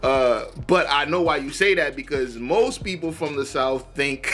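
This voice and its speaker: A man's voice: fairly high pitch, lively intonation, measured pace, fairly bright tone, faint music behind. A man with a Rhode Island accent hosting a reaction video, chatting casually and repeating himself with frequent laughs.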